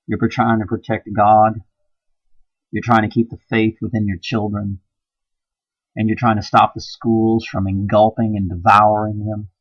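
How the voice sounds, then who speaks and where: A man's voice: fairly low pitch, no echo. Intense preachy man, dull lo-fi recording. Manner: preachy, urgent, swings from hushed to loud. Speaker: video blogger. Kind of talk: impassioned monologue to camera.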